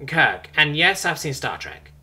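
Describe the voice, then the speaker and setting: A man voicing a calm, polite officer. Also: fairly high pitch, full character voice. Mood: courteous. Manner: calm, courteous, unhurried. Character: easygoing, polite male military officer.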